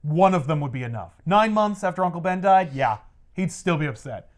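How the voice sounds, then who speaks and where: Male podcast co-host, casual, lively swooping delivery, acts out characters mid-story. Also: a little high, a little fast. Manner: animated, acts out characters' lines with voices. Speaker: podcast co-host recapping a comic. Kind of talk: casual chat.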